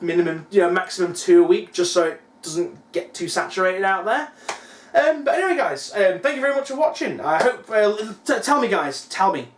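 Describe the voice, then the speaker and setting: A young man, a hobby YouTuber, chatting casually in a rambling way and swearing now and then. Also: high-pitched. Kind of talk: casual vlog chat. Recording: roomy echo.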